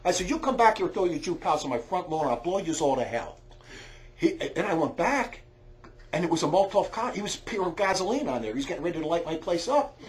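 Loud heated man. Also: on the high side, expressive, fast talker. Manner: loud, heated, shouts in quoted lines, restarts often. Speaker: storyteller on a talk recording. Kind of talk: rambling casual storytelling.

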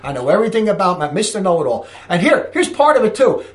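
Casting note: a New Jersey man telling a story, high and very lively, restless and self-interrupting, in a roomy echo. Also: quick pace. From Newark, New Jersey. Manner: animated, self-interrupting, acts out dialogue. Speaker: storyteller recounting a hike. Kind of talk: casual storytelling talk.

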